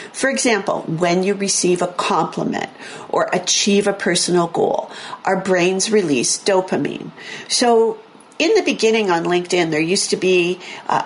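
A woman hosting a radio talk show, explaining brain science in a chatty, self-correcting way, her voice a little hoarse. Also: on the low side. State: slightly hoarse, losing her voice. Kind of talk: casual talk radio chat. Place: radio studio.

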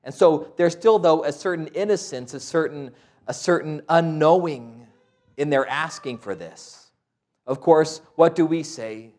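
A man's voice: mid-range voice, a little mellow. A middle-aged man, a priest, preaching a sermon with stories, asides and quoted voices.

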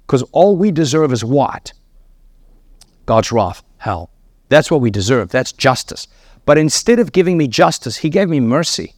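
A man's voice: mid-range voice, animated, normal speed, a little mellow, dry recording, studio quality. A man preaching a sermon, emphatic and repetitive, voice climbing sharply on key words.

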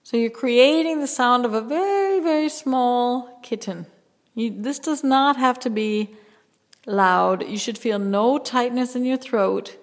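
Woman voice teacher, podcast host; slow, patient delivery with sung demos, reverberant sound. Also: fairly high pitch. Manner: slow, gentle teaching with vocal sound demonstrations. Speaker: vocal coach and podcast host. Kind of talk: voice lesson with sung demonstrations.

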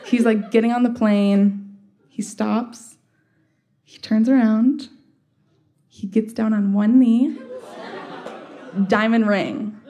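A woman's voice: on the high side, steady tone, slow pace, long pauses, warm tone. A young woman telling a personal story in a casual, chatty way, full of "like" fillers and wry laughs. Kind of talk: storytelling monologue.

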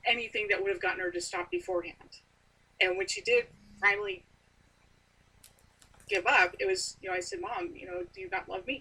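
A woman in casual chat about a book, thoughtful and measured, with frequent "you know". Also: mid-range voice, bright, forceful tone, slightly rough, recorded from a distance, rough recording. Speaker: book discussion co-host.

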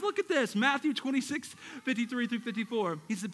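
A male pastor preaching a sermon, moving between loud emphatic lines and low storytelling and acting out Bible characters in casual voices. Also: animated, fairly quick.

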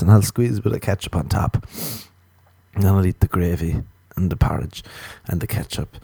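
A male comedian with a lowish, mellow voice rambling through an absurd improvised bit. He jumps into squeaky, exaggerated outbursts now and then. The sound is close and dry. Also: a little fast, gravelly, breathy edge, dry recording. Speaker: stand-up comedian. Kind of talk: rambling improvised comic monologue to listeners.

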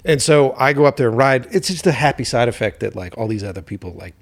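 A man's voice: medium pitch, quick pace. A man hosting a podcast, telling stories in casual chat, swearing freely and playing up mock outrage. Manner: animated storyteller, swears freely, mock-indignant. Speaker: podcast host.

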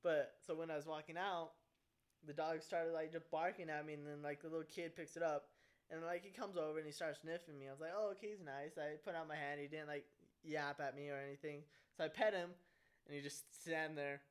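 A young man co-hosting a podcast, animated and joking, swearing freely in casual chat. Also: a little high, brisk. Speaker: podcast co-host.

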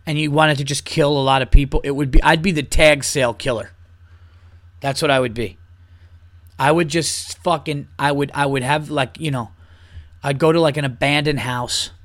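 A man's voice: mid-range voice, fairly bright tone, dry recording, clean studio sound. A man hosting a podcast, ranting in a casual, comedic way, swearing often and mocking people with heat. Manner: profane, heated, mocking. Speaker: podcast host.

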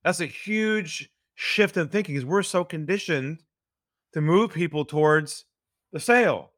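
A man talking as a sales trainer in a podcast interview, earnest, telling stories and dropping his voice low to make a point. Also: expressive, a little slow, fairly bright tone, no room sound, clean studio sound.

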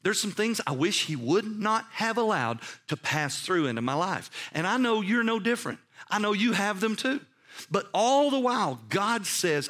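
A man's voice: sits high, very animated, moderate pace, a bit bright. A man pastor giving a sermon to his congregation, emphatic and repetitive, putting questions straight to his listeners. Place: church service.

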